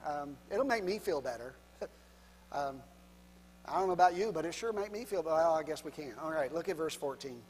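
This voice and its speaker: A pastor preaching a sermon to his congregation in a folksy, self-deprecating way, laughing often and swinging between quiet asides and loud, emphatic lines. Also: on the high side, lively intonation, moderate pace, big-room sound, slight background noise.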